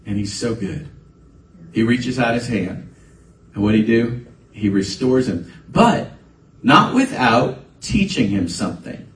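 A man's voice: medium pitch, sing-song, unhurried. A man preaching a conversational sermon as a pastor, building to emphatic bursts. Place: church sanctuary. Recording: echoey room, voice from a distance, faint ambience.

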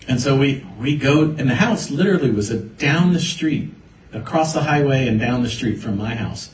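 A man's voice: mid-range voice, normal speed, recorded from a distance. Man preaching in an echoey church. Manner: storytelling, animated quoting of others. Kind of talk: sermon with personal testimony. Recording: roomy echo, voice from afar.

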